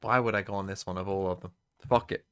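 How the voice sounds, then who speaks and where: Low-pitched male streamer, offhand and muttering, frequent swearing. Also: steady tone, rapid-fire, sharp tone, clear, resonant tone. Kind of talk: casual live-stream commentary.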